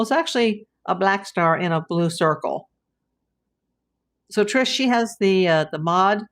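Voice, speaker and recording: Woman livestream host, chatty, reads chat aloud and greets viewers by name. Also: medium pitch.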